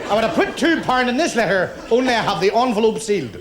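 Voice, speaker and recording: A man's voice: high-pitched, very animated. A male stand-up comedian rattling off jokes in the form of a letter from his mother. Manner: rapid joke delivery, reading out a comic letter. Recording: echoey club with loud crowd and noise on a 1970s TV tape.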